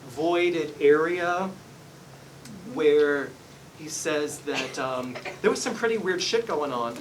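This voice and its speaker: A man's voice: on the high side, takes it slowly, distant mic, a little hiss or hum, rough recording. A man working as a psychic medium, giving a live reading in a salon and politely apologizing as he relays messages. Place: hair salon, indoors.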